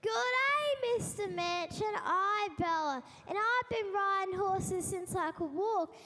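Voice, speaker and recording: A woman's voice: very high voice, expressive, slow, pushed and bright, heavily acted. A woman playing a sassy young country girl who boasts about her riding.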